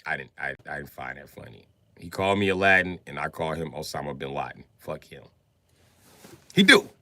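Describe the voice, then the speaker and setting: A man telling stand-up stories on a livestream, profane and animated with sudden loud jumps. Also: rumbling low, fast, no echo. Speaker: comedian on a livestream. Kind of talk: stand-up storytelling.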